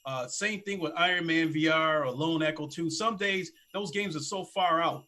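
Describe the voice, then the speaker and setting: A man co-hosting a casual gaming livestream, talking excitedly and rambling about purchases. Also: fairly high pitch. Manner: excitable, rambling, quickens when enthused. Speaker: co-host.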